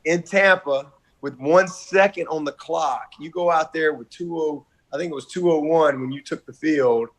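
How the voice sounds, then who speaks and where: A man's voice: fairly high pitch, moderate pace. A middle-aged man, a college football coach speaking over a video call, heartfelt, effusive and repetitive. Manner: warm, effusive, repetitive, folksy.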